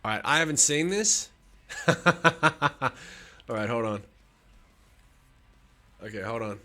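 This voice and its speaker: A man's voice: medium pitch, lively intonation, slow pace, pushed and bright. A man hosting a live stream, chatting casually with his viewers, swearing often and teasing them with bursts of laughter.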